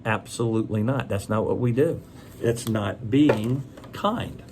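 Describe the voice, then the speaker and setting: A man's voice: medium pitch, a little slow, darkish tone, a little hiss or hum. A man reading a picture book aloud to children, chatting and asking them questions as he goes.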